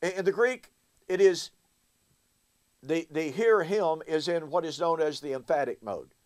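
Male Bible teacher, high voice, unhurried delivery, emphatic, leans on rhetorical questions. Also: darkish tone.

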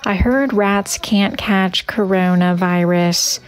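A woman hosting a casual livestream, reading chat comments aloud in a teasing, deadpan way. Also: mid-range voice, takes it slowly, soft background music. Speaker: livestream host and wood-burning crafter. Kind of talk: casual live-stream chat.

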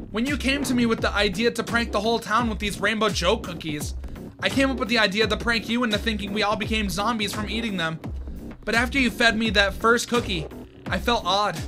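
A man's voice: high-pitched, close to an everyday voice. A man voicing a female party pony who confesses with guilt, reading it earnestly.

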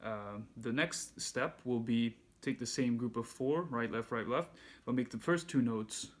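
A man giving a casual music lesson, counting beats aloud in a relaxed way as he demonstrates. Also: mid-range voice, a little slow. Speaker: music teacher. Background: handpan playing.

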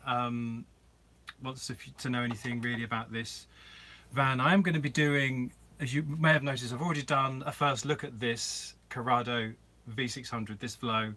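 A man with a bright, forward voice talks casually on a live stream from inside a camper van. He rambles a little, loses his thread now and then and breaks off to greet viewers by name. The pitch sits mid-range, and the delivery is relaxed and conversational. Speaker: vlogger hosting a live Q&A.

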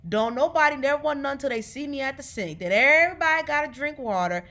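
A woman's voice: sits high, expressive, fast, bright, forceful tone, pitched above the performer's own voice, heavily acted. A woman reading aloud and voicing a stern mother who scolds curtly in dialect. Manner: curt, scolding, dialect speech.

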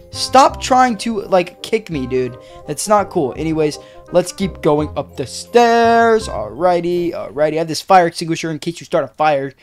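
A woman narrating a game role-play casually, in an excitable, slangy way, often yelling in alarm. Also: low voice. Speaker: gaming video creator.

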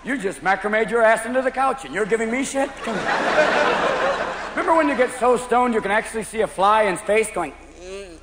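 A man doing a manic stand-up set, his high voice leaping wildly up and down as he jumps into one daft character voice after another. The echo of a large, reverberant hall surrounds him, with a loud audience roaring behind. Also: lively intonation, a little fast, background noise. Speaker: stand-up comedian. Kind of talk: stand-up comedy routine. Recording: echoey live hall recording, roaring crowd. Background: audience laughing loudly.

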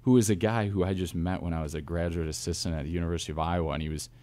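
A man, a football coach, telling stories in a casual interview with lively asides and restarts. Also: low voice. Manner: animated storyteller, quick asides and restarts. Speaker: wide receivers coach, guest.

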